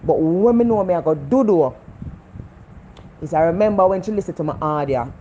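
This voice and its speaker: A Jamaican woman speaks in a low, warm voice, preaching life lessons in a heartfelt motivational vlog. She repeats her points with earnest conviction. The recording is slightly dull, with faint noise behind her. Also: lively intonation, brisk. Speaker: vlogger.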